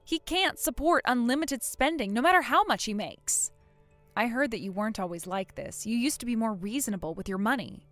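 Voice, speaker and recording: A woman's voice: fairly high pitch, lively intonation, a little fast, fairly bright tone, faint music behind. A woman voicing a cold, furious young wife who scolds her sister-in-law without mercy. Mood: stern. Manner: stern, scolding, unforgiving.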